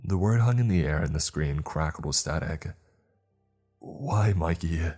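Very deep, husky man narrating horror. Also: expressive, a little fast, darkish tone, soft background music.

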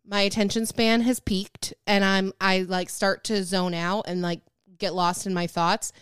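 A woman's voice: medium pitch, flat delivery, measured pace, a bit bright, clean tone, no echo, clean studio sound. A woman co-hosting a casual chat podcast, chatty and giggly with lots of fillers. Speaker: podcast co-host.

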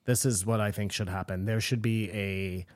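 A man co-hosting a podcast, talking in casual, animated chat with frequent swearing and easy laughter. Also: on the low side, normal speed, dry recording, studio quality. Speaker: podcast co-host.

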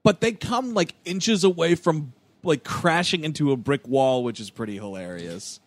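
A man co-hosting a casual podcast, excitedly recapping a movie, laughing and acting out lines. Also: on the high side, moderate pace, no room sound. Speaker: podcast co-host.

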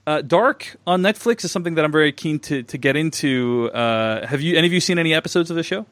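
A man's voice: a little high, expressive, fast talker, a bit bright, no room sound. A man hosting a casual film podcast, thanking donors and reading listener messages aloud. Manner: reads listener messages aloud, laughing easily. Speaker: podcast host.

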